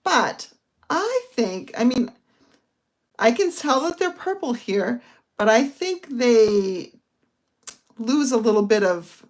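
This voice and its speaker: A slightly high, animated woman's voice takes things slowly and often pauses. She's a middle-aged papercraft teacher from the northern U.S., casually demonstrating how to make a card step by step.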